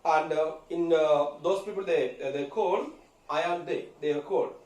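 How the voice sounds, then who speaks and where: High-voiced male teacher, halting lecture. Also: darkish tone. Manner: halting, many fillers and okays. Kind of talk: classroom lecture. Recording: echoey room, mic far off.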